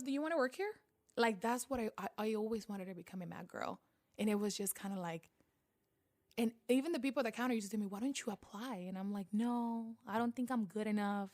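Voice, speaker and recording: A woman from Panama with a Panamanian Spanish accent, a guest telling her story in a casual interview, animated and acting out the voices of people she quotes. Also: mid-range voice. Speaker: guest, beauty vlogger.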